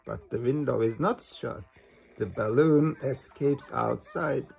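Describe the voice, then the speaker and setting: A man reads a children's picture book aloud at an unhurried pace. His voice is gravelly and slightly husky, with a mid-range pitch. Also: darkish tone, soft background music. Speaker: storybook reader. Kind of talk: reading a children's storybook aloud.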